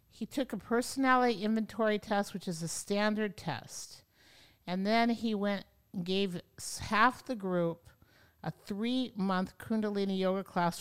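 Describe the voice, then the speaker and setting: A woman guest on a podcast, telling a personal story in a lively, conversational way and acting out her own past words. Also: mid-range voice, clean tone. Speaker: yoga teacher, podcast guest. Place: podcast studio.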